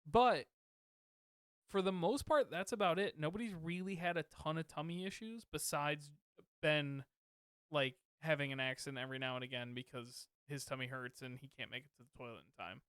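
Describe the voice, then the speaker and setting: A man's voice: on the high side, normal speed, fairly bright tone, clean tone, no room sound, studio quality. A man co-hosting a podcast, chatting casually and animatedly about parenting. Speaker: podcast co-host, father. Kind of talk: casual chat.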